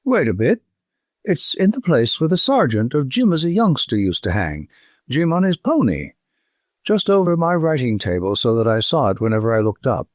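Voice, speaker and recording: A man voicing a nervous, bewildered middle-aged gentleman who speaks in halting, distracted bursts. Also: mid-range voice, big pitch swings, dry recording, clean studio sound, lightly acted.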